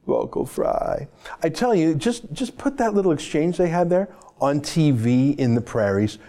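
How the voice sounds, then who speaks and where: A man's voice: fairly high pitch, animated, moderate pace, warm tone. A man hosting an opinionated political monologue, talking in a sarcastic, mocking and emphatic way. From Canada. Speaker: political commentator host.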